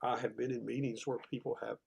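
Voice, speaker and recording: Gravelly Southern man, heartfelt. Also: medium pitch, level tone, quick pace, a little mellow. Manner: heartfelt, plainspoken storytelling. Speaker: podcast guest, former teacher. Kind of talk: earnest interview conversation.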